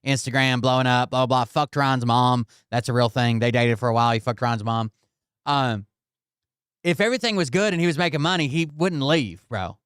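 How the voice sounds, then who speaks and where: A man's voice: medium pitch, a little fast, fairly bright tone, smooth, no room sound, clean studio sound. A man commenting on a played clip in casual reaction talk, blunt and sarcastic with profane asides.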